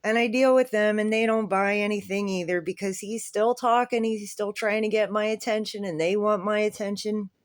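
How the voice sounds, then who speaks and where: A man's voice: sits high, fairly even intonation, normal speed, hardly any pauses, no echo, clean studio sound. A man who sells at a flea market, telling a story in a candid, rambling way with swearing and nervous laughs. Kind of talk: casual storytelling monologue.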